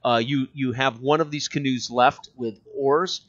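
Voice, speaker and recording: A man's voice: medium pitch, steady tone, a bit bright. Guy gm narrating a tabletop game, lots of uhs, kinda dull lo-fi audio. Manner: halting, thinks aloud with many fillers. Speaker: game master. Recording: dull lo-fi sound.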